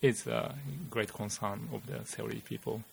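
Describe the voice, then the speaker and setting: A man with a Japanese accent, a physicist guest explaining theory in casual chat, halting and searching for words. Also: on the low side, flat delivery, gravelly, slight background noise. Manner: halting, many "you know" fillers, searching for words.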